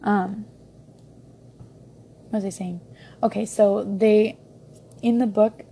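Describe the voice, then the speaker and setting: A woman's voice: mid-range voice, vocal fry, warm tone, slight background noise. A young woman giving a casual book review, rambling with many ums and restarts.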